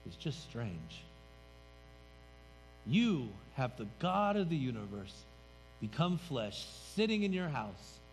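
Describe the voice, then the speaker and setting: A man voicing a calm grown man who quietly rebukes his host, in a low, soft and measured tone. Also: a little hiss or hum. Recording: reverberant hall, faint music.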